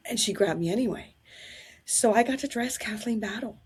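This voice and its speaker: A woman telling anecdotes in a casual interview, animated and quick to laugh. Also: a little high, breathy edge.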